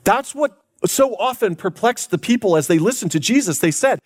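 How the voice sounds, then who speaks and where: Male pastor with a high voice, emphatic preaching delivery that stretches words for weight. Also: expressive. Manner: emphatic, drawn-out preaching with big pitch swings. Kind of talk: sermon.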